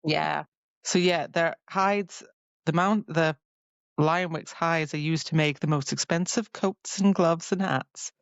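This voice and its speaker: A woman's voice: sits low, slow, smooth, no echo, lo-fi sound. A woman co-hosting a podcast, chatty and retelling scenes from a book in a casual, playful way. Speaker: podcast co-host.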